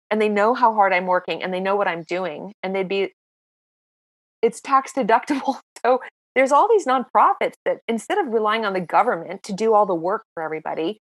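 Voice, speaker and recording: A woman in her sixties, a podcast guest telling stories in a casual, lively, self-mocking way. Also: mid-range voice, dry recording. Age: 60s. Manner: lively, self-mocking storyteller who acts out dialogue. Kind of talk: casual interview storytelling.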